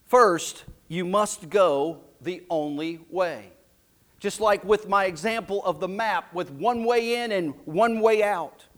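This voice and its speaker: Slow, high-voiced preaching man. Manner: slow, emphatic preaching with dramatic drops to a hush. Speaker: pastor. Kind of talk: sermon.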